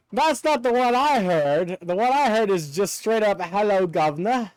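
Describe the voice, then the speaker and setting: A chatty man streaming a game, talking in a high and very lively voice that jumps around a lot. He jokes and laughs easily with his chat. The sound is close and dry, with no room echo. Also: clear, resonant tone. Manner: joking, chatty, laughs often. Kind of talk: casual gameplay chat.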